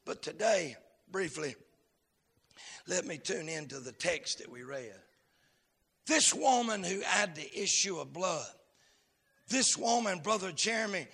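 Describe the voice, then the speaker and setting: High, gravelly preacher man. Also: lively intonation, slow pace, pauses often. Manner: fervent, shouting preaching with sing-song cadence. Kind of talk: sermon.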